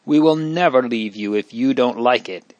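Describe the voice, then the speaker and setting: A man's voice: medium pitch, moderate pace, no echo, lo-fi sound, lightly acted. A man reading aloud voices an anxious young girl who speaks wistfully and pleadingly to her sick brother. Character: anxious, tearful girl, devoted sister.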